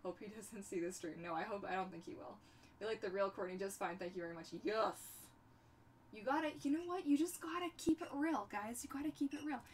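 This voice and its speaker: Crafting on her livestream, a young woman chats casually in a bubbly, goofy manner, sometimes talking to her pets. Her medium-pitched voice moves fairly quickly, picked up by a distant mic with a slight hiss or hum.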